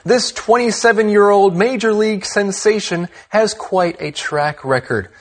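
A man's voice: high-pitched, unhurried, slight background noise. A man co-hosting an English lesson, explaining phrases in an upbeat, plain-spoken way. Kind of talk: scripted language lesson chat.

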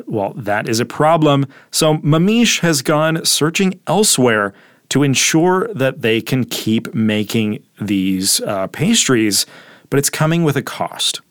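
A man's voice: mid-range voice, fairly bright tone, dry recording, studio quality. Man explaining English words with fillers. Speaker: English teacher co-host. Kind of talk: casual explanatory lesson chat. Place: studio in Taipei.

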